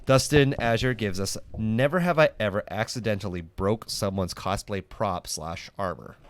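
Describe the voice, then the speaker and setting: With a lowish voice at normal speed, a young podcast host chats casually. His storytelling rambles and is heavy with fillers and restarts.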